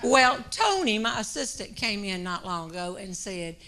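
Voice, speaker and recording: A woman telling a self-deprecating comic story to an audience in an animated way. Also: mid-range voice, moderate pace, crowd noise. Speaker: humorous speaker.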